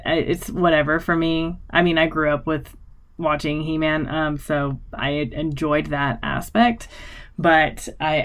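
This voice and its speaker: Low-voiced woman in a hesitant book chat. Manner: hesitant, lots of ums and restarts. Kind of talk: casual book discussion.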